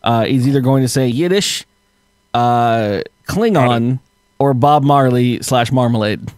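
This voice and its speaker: A man's voice: medium pitch, unhurried, darkish tone, clean tone, no room sound, studio quality. A man hosting a casual podcast quiz game, joking loosely and laughing often. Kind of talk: casual chat.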